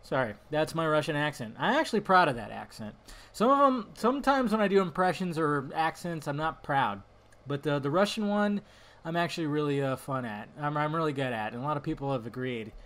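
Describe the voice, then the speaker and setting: Rambling, bright-voiced male podcaster. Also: on the high side, animated, brisk. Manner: rambling, goes off on tangents, swears casually. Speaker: podcast host. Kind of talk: casual rambling monologue.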